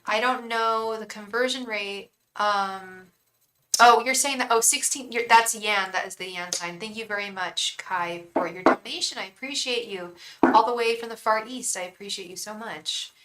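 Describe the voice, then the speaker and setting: A woman's voice: mid-range voice, moderate pace, sharp tone, poor audio. A woman tarot reader talking casually on a live stream. She rambles, chats with viewers by name, uses slang like "girl" and "hun", and murmurs a repeated invocation while she shuffles the cards. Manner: rambling, chatty, talks straight to viewers by name. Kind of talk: casual live-stream chat and card reading.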